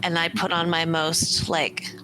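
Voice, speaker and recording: A woman playing a tabletop role-playing game, talking haltingly. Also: lowish voice, little pitch movement, low-quality recording. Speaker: player.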